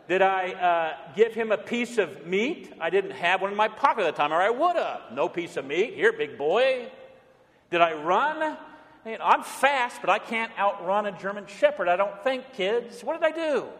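A middle-aged man, a pastor, preaching a sermon with lively storytelling, swinging between bold and hushed delivery. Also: sits high, normal speed. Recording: long hall reverb.

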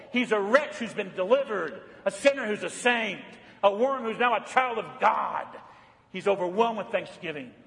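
A male pastor delivers a sermon in a high voice, mixing folksy, homespun stories with earnest, quiet appeals. The sound rings with the long reverb of a large hall. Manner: storytelling, folksy, dropping low for earnest points.

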